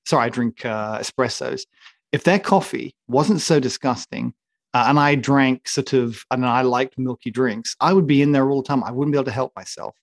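A man's voice: medium pitch, moderate pace, no echo. A man on a casual talk show, ranting with comic indignation and heavy emphasis. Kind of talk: casual opinionated chat.

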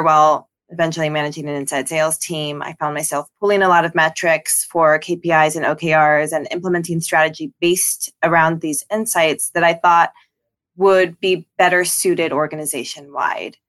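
A woman's voice: low-pitched, fairly bright tone. A woman guest on a podcast interview, answering thoughtfully with frequent ums and restarts. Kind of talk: casual interview.

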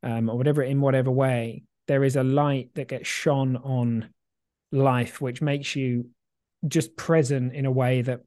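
Reflective man, mellow voice. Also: medium pitch, little pitch movement, unhurried, no echo, studio quality. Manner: rambling, reflective, many fillers and restarts; swears casually, laughs easily. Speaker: podcast co-host. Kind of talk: casual chat.

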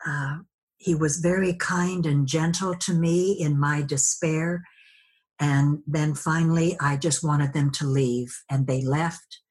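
A woman's voice: low-pitched, fairly even intonation, slow, a little mellow. A woman guest sharing a personal story in a conversation, reflective, acting out remembered dialogue.

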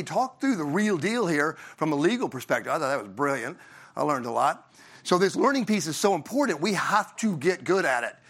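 Middle-aged man, conference speaker, slightly higher voice, conversational, quizzes the crowd. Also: fairly bright tone. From Southern US, Tennessee. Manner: conversational, asks the audience questions, tags lines with "right?". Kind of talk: conference talk.

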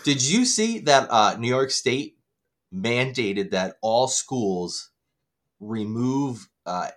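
Mid-pitched male podcast co-host. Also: expressive, slow pace, fairly bright tone. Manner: brief reactions and easy laughs, joking asides. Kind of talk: casual chat.

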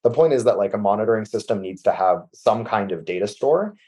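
A man's voice: fairly low pitch, expressive, a little fast. A man guest on a tech podcast, explaining machine learning practice in a casual, filler-heavy way over a remote call. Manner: casual, many fillers like "like" and "you know", trails off softly at sentence ends. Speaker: MLOps architect guest. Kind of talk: conversational technical explanation.

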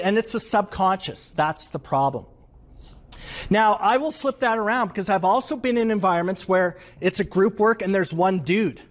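A man giving an interactive leadership workshop to a live audience, animated and quizzing the room. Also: high voice. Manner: animated, asks the audience questions.

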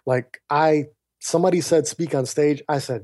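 A man with a fairly high voice talks briskly as a podcast guest on a remote call mic. He earnestly recounts a personal story, animating it by acting out the lines people spoke.

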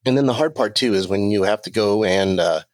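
Male podcast guest, lowish voice, candid, plainspoken, dry close sound. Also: a little fast, no echo. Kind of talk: casual podcast conversation.

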